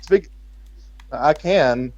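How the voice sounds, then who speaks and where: A man's voice: medium pitch, animated, drawn-out words, a little mellow, muffled recording. A man from Texas speaking with an American accent, rambling and joking sarcastically in casual chat.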